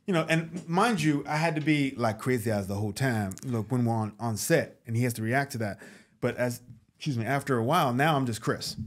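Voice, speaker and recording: A man guest on a podcast, telling stories in a casual, animated way, acting out the voices of the people in them. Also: medium pitch. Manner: animated, acts out voices in anecdotes. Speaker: guest actor. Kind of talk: casual storytelling interview.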